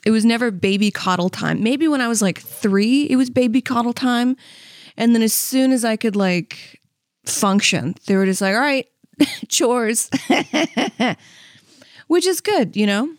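A woman in her thirties riffs through a comedic podcast monologue, candid and self-mocking, peppering it with "like" and "you know what I mean." Her voice sits a little high for a woman. It is recorded dry and close, with no room sound. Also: a little slow, dry recording. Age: 30s. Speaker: podcast host.

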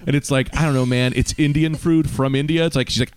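A man's voice: medium pitch, fast, smooth, dry recording. A man from North Jersey, a podcast guest telling stories in casual chat and swearing freely. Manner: animated storyteller, swears freely.

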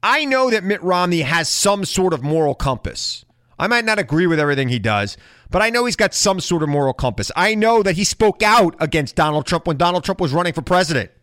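A man delivers a heated political rant into a close, dry mic with no room sound. His voice sits a little high for a man. He talks with open indignation and keeps pressing hard with rhetorical questions. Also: big pitch swings, brisk, fairly bright tone, no echo. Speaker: political commentator. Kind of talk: impassioned political monologue.

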